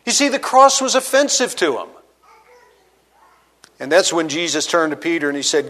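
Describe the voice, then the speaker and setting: A man preaching a sermon, reading scripture aloud and retelling it in everyday words, dropping low and quiet to stress key points. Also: big pitch swings, measured pace, long pauses. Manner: expository preaching, reads scripture aloud and paraphrases it conversationally; dynamic delivery, drops low and quiet for emphasis. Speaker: pastor.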